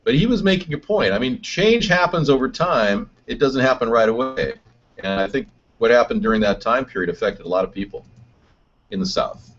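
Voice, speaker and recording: A man hosting a live chat show, speechifying like a mock political candidate and swinging between booming lines and muttered asides. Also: expressive, brisk. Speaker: show host. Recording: dull lo-fi stream audio.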